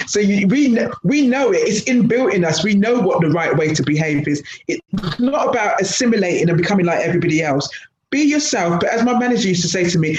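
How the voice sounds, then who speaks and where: A middle-aged woman, a guest speaker on a webinar, talks earnestly and tells anecdotes over a video call. Her mid-range voice is expressive, quick, and darkish in tone. The video-call audio sounds roomy and dull, with faint noise.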